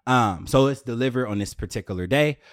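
A young man telling a story to his viewers in a casual, profane, animated way, often jumping up into a high exclaiming voice. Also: brisk. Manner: profane, slangy, addresses viewers directly.

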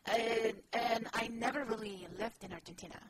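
A woman's voice: on the high side, fairly even intonation, normal speed, a loud crowd, poor audio. A woman from Peru, an actress guest telling her story in a chatty, rambling way with many fillers in a casual interview. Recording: loud background hiss.

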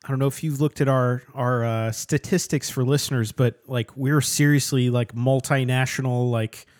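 A man's voice: medium pitch, fairly even intonation, normal speed, darkish tone. A man hosting a book podcast, chatting casually in an easygoing way. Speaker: podcast host. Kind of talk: casual chat.

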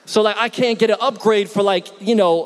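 Higher-voiced pastor preaching in a reverberant hall. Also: male voice, a little fast. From Philadelphia. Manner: conversational, animated, asks the congregation questions. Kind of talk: storytelling sermon.

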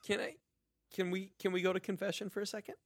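A man's voice: high voice, flat delivery, fast, no echo, clean studio sound. A man co-hosting a podcast, ranting in a casual, exasperated way with plenty of swearing. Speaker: podcast co-host. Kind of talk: casual chat.

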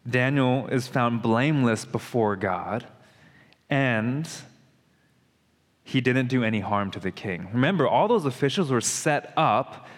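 Male preacher, conversational, emphatic, mid pitch, reverberant hall. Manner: conversational, emphatic, addresses listeners as guys. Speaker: pastor. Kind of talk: expository sermon.

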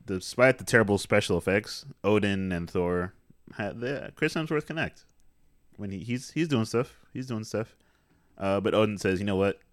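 A man's voice: on the low side, normal speed, no echo, studio quality. A man chatting casually about a film, wryly retelling the scenes in his own words. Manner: laid-back, wry, paraphrases scenes in his own words. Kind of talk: casual movie recap chat.

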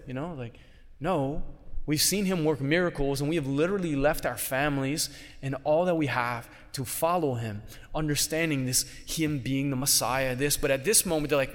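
A man's voice: a little high, moderate pace. Man preaching in a reverberant hall. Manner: conversational, voices biblical figures casually. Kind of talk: homily. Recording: long reverb of a large hall.

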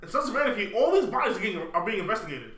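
A man from New co-hosting a podcast, excitable and quick to jump in. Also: high voice. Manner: animated, excitable, jumps in. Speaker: podcast co-host. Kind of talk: casual chat. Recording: roomy echo with faint room noise.

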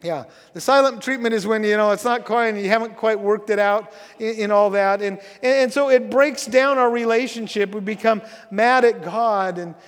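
A middle-aged man preaching a sermon as pastor, conversational and halting with many restarts, going soft and quiet in tender passages. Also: high voice. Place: church sanctuary. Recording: long reverb from a church sanctuary.

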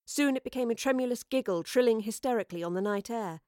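A woman narrating an audiobook in a measured, expressive reading. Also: fairly high pitch, clear, resonant tone, no room sound, studio quality.

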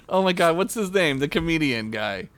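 A man's voice: fairly high pitch, lively intonation, a little slow, a bit bright. A man co-hosting a podcast, chatting casually, joking and fumbling for words. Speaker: podcast co-host. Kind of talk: casual chat.

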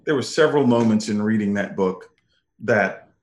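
A man in casual chat, halting and repeating words as he talks, laughing often. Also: on the low side. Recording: echoey room.

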